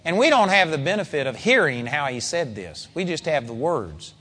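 A man's voice: on the high side, very animated, moderate pace, a bit bright, long reverb tail. A man preaching a sermon in a conversational style with dramatic emphasis.

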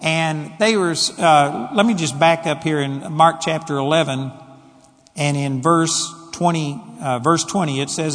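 A man preaching a sermon as pastor, dramatic and emphatic, swinging between quiet and loud delivery. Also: a little high, measured pace, in a large hall.

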